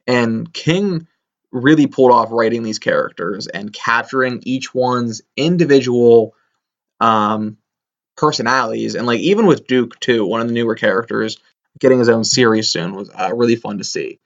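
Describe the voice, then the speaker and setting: A man co-hosting a casual comics podcast, talking in an eager, rambling way full of ums and restarts. His voice sits at an ordinary pitch, and the recording sounds somewhat dull and lo-fi. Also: a bit bright. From Pennsylvania, US. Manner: rambling, enthusiastic, with many fillers. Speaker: podcast co-host. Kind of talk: casual chat.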